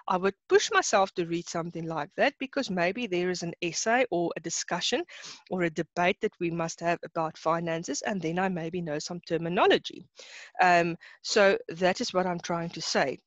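A young woman with a South African accent teaching an online class, chatty and quick to laugh, mixing in Afrikaans words. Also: lowish voice, dry recording, lo-fi sound.

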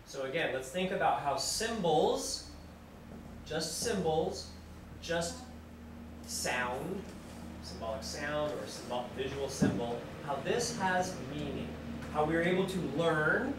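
A man teaches a class in a lively, animated way, asking the students questions and acting out examples. He keeps his phrasing simple and repeats key words for learners. His slightly high voice comes from across a very echoey room over steady background noise. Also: slow pace, recorded from a distance. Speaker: university lecturer. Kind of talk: classroom lecture.

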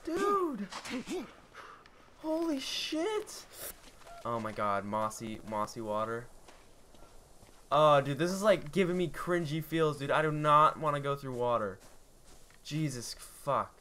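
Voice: mid-range voice, sing-song, slow pace, pauses often, sharp tone, faint music behind. A let's play gamer giving live gameplay commentary, panicky and shrieking, swearing constantly.

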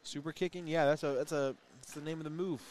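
Male commentator, slightly high voice, chatty and joking, hiccups throughout. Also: steady tone, darkish tone. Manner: chatty, joking, quick asides about the play. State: has the hiccups. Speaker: play-by-play commentator. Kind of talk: casual sports commentary.

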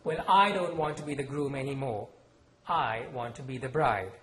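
A man's voice: normal speed, fairly bright tone, a little hiss or hum, lightly acted. A man reading aloud, voicing a bossy, scornful girl cousin who switches between mock-hearty bluster and indignant protest. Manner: booming mock-hearty pirate bluster, then shrill protest. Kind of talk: author reading his novel aloud.

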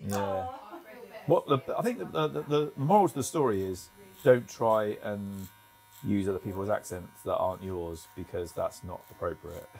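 A man's voice: fairly low pitch, normal speed, vocal fry, a little mellow, faint music behind. A man chatting casually and jokingly in a barbershop chair, rambling a little. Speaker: barbershop client. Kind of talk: casual chat.

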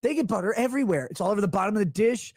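Brief: male streamer, sarcastic profane rant, very animated pitch. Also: rapid-fire, no room sound, clean studio sound. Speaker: livestreamer reading chat. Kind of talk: ranting livestream monologue.

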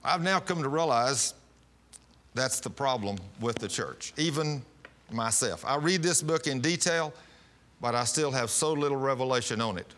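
Older preacher guy telling stories on tv, bright tone, keeps restarting sentences. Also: medium pitch, moderate pace. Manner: folksy storytelling, frequent restarts and "uh". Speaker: pastor. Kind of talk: televised sermon with testimony. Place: television studio.

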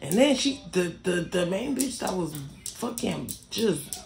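A woman's voice: mid-range voice, sing-song, measured pace, creaky, darkish tone, soft background music. A young woman telling a storytime in a casual, irritated rant, blunt and heavily profane, repeating phrases for emphasis.

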